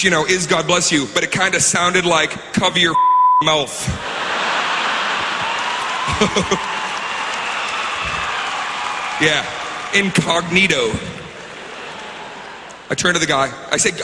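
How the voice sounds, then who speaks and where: A man performing stand-up comedy and spinning an animated story that builds to shouted punchlines. His voice sits a little high for a man. The recording is boomy with long reverb, and loud ambient noise runs underneath. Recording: echoey hall with loud background noise.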